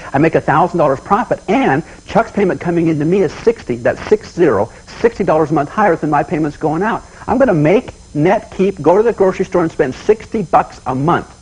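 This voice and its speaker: A man giving a motivational seminar talk, telling folksy personal stories in an animated way and often repeating himself. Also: a little high, breathy edge, rough recording. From United States. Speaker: seminar speaker.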